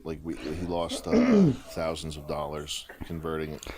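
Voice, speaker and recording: Deep voiced guy on a stream, halting and rambling, lots of restarts. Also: wildly swooping pitch, a crowd in the background. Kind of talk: casual chat.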